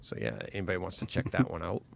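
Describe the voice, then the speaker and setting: Man, playful co-host, voice swoops up and down, gravelly edge. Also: low-pitched, animated, very fast, slight background noise. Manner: laughing, playful teasing. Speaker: podcast co-host. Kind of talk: casual live-stream chat.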